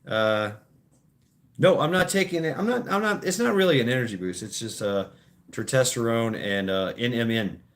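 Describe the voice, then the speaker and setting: A man's voice: mid-range voice, lively intonation, normal speed, a bit bright. A man hosting a casual livestream, rambling through opinions with stammered restarts and crude swearing while reacting to his chat. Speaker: livestream host.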